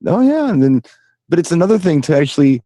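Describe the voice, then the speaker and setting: A man's voice: a little high, fast talker, dark tone, no room sound. A man co-hosting a casual live web show, joking in a wry, sarcastic way. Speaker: co-host. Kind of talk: casual live-stream chat.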